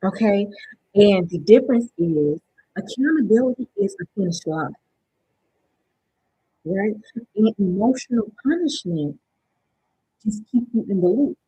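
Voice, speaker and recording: A woman's voice: mid-range voice, animated, measured pace, long pauses, mellow, breathy edge, no echo, poor audio. A woman hosting a live-stream motivational workshop, talking conversationally and often checking in with her viewers with "right?". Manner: conversational, keeps asking "right?" to the chat; addresses viewers directly and checks they understand. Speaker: workshop host.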